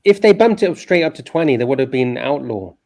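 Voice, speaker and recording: Ranting, animated male co-host. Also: mid-range voice, fast, creaky. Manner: animated, ranting, laughs easily. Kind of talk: casual livestream chat.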